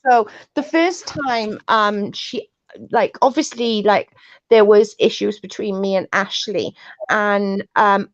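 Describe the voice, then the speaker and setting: A woman chatting casually on a livestream, laughing often and telling rambling stories. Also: on the high side. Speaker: guest co-host. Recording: muffled lo-fi stream audio.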